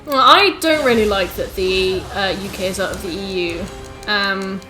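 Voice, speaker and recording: A woman's voice: medium pitch, pushed and bright, faint music behind. A young woman, chatting casually and ranting with swear words to her live-stream chat while gaming. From England. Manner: chatty, ranty, swearing, quick asides to chat. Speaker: game streamer.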